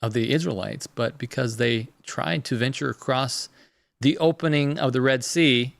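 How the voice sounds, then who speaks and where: A man hosting a live stream, talking fast and rambling with many restarts as he comments on a clip. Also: mid-range voice, vocal fry, no echo. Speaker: host.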